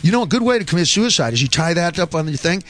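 A man hosting a morning radio show, joking and rambling with quick asides. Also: fairly high pitch, very animated, fairly bright tone, soft background music. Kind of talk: casual morning radio banter.

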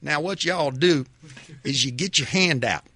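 A man putting on a slow Georgia drawl as a rural hunter giving instructions. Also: on the high side, over loud music. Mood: sly. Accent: Georgia, US South.

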